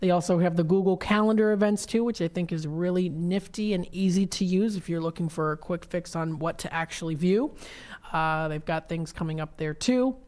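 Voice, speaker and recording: In a radio studio, a woman hosts a local radio shopping show, chatting casually and reading event listings off websites with plenty of fillers. Her pitch is fairly low, her pace moderate, and her tone a little mellow.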